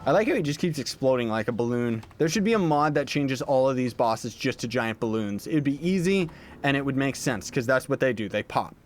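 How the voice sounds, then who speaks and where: A young man streams a game and chats casually, answering viewers' questions in a playful, joking way over game music. He speaks fairly quickly in an expressive, mid-range voice.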